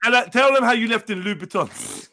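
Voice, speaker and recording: A man's voice: high voice, sing-song, moderate pace, vocal fry, bright, forceful tone. A man on a live panel, teasing the others in crude, rambling banter.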